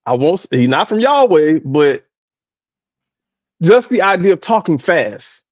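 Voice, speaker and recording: A man in casual podcast chat, telling an animated story full of impressions and laughter. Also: on the high side, unhurried, no room sound, lo-fi sound. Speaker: podcast co-host.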